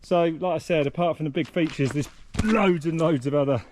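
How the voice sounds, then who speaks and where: An excitable man with a slightly high voice walks a bike course outdoors, swearing and gasping at what he sees. He talks bluntly and casually as the host. Faint outdoor noise sits behind him. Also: a little fast. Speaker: host walking a race course.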